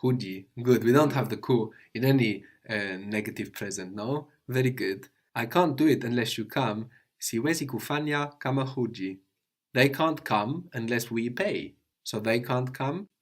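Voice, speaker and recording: A man's voice: medium pitch, normal speed. A man teaching a language lesson, patiently explaining step by step and asking his student questions.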